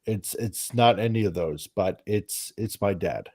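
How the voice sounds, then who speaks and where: Slow, halting man with a mellow voice. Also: lowish voice. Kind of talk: casual chat.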